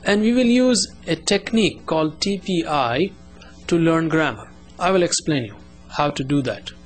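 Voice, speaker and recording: Man teaching slowly over soft music. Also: fairly high pitch, lively intonation. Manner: slow, repetitive drilling with pauses for repetition. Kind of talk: step-by-step language lesson.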